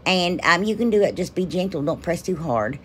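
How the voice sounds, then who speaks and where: A woman's voice: fairly low pitch, expressive, brisk, a little hiss or hum. A woman hosting a craft channel, narrating her project in a chatty, rambling way and gushing with enthusiasm. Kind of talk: casual craft tutorial narration.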